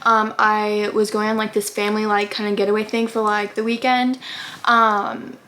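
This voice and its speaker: A woman's voice: medium pitch, little pitch movement, moderate pace, pushed and bright. A young adult woman telling a personal story in a casual vlog, rambling with lots of "like" and acting out what people said. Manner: rambling, many "like" fillers, acts out quotes. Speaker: vlogger telling her story.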